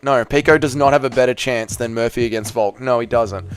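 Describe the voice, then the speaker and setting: A young man hosting a fight-night watch party stream, chatting casually, swearing freely and bursting into excited shouts. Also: medium pitch, fairly quick, hardly any pauses, smooth, faint music behind. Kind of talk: casual live-stream chat reading comments.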